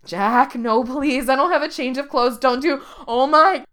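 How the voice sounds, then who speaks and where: A woman's voice: on the low side, normal speed, lightly acted. A woman voicing a flustered, nerdy young man who pleads and yelps when teased. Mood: panicked. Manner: panicky, pleading, yelping.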